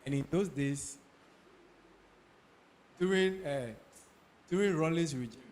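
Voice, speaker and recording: A young man with a Ghanaian English accent talks to an audience about careers. His voice sits somewhat high, and he leans on repetition and quick checks with his listeners. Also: a little mellow. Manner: emphatic, repeats key points, checks in with listeners. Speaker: speaker giving career advice. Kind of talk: talk to an audience.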